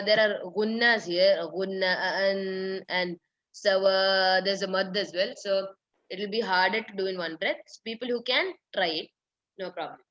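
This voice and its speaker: A woman teaching a live online recitation lesson, repeating words slowly and correcting pronunciation step by step. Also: medium pitch, a bit bright. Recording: dull lo-fi stream audio.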